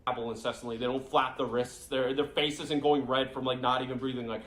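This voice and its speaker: Scornful young man ranting, bright and echoey. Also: medium pitch, brisk. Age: 20s. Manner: scornful, insulting, excitable. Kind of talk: ranting video commentary.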